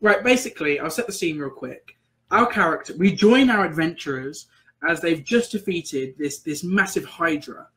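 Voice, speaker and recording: A low-voiced woman telling a tabletop game story on a livestream. Her delivery is lively and animated, with a wide-ranging pitch, and she laughs easily. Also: moderate pace. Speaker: livestream co-host. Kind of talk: casual storytelling.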